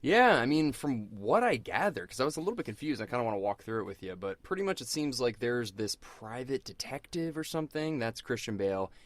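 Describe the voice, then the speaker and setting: Lively dude chatting on a podcast, lots of likes, dry sound. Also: male voice, medium pitch, brisk, few pauses, dry recording. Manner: animated, chatty, lots of fillers. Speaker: podcast co-host. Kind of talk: casual chat.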